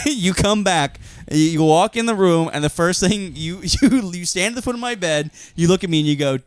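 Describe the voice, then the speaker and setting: A young man chats on a podcast with a smooth, clear voice, trading deadpan lines and laughing through his stories. The sound is dry and close, with no room around it. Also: high-pitched, normal speed, no echo. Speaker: podcast co-host. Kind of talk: casual chat.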